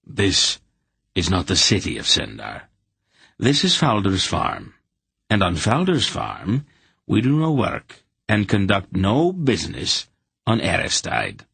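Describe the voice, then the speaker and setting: A man's voice: low-pitched, wildly swooping pitch, takes it slowly, vocal fry, husky, no room sound, exaggerated voice. A man voicing a stubborn, pious farmer who speaks firmly and courteously. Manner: firm, quiet, courteous.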